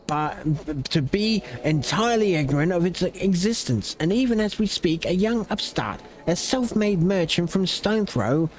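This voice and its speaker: A man voicing a gossipy, scheming rumormonger while reading game dialogue aloud, stumbling now and then on long names. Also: high-pitched.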